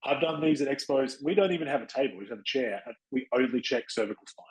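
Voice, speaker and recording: A man's voice: medium pitch, animated, fast, poor audio. A man with an Australian accent talks in a casual coaching style. He is blunt and chatty, and he keeps breaking into short acted-out exchanges to make his point. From Western Australia. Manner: blunt, chatty, acts out little dialogues with people. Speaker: podcast host and chiropractic practice coach.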